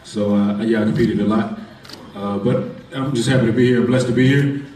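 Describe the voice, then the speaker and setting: A man's voice: lowish voice, steady tone, normal speed, darkish tone, a little hiss or hum. A man, a bodybuilding competitor, answering questions at a press conference in a modest, laid-back way. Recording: echoey hall from far off.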